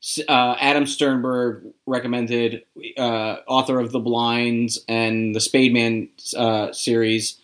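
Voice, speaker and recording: A man's voice: medium pitch, little pitch movement, slow, hardly any pauses, a bit bright. A man hosting a podcast in casual chat, rambling and hesitant with fillers. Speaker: podcast host.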